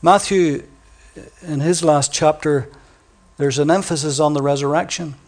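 Preaching in a church, this fairly high-voiced man keeps a fairly even intonation but is emphatic, drawing out key words for stress. His delivery drops to soft and quiet whenever he reads from scripture.

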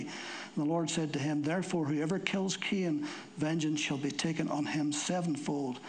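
A man's voice: fairly even intonation, normal speed, slight background noise, rough recording. A man preaching a sermon, reading scripture aloud and explaining it with emphatic, rising delivery. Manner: emphatic, climbing higher and louder when stirred.

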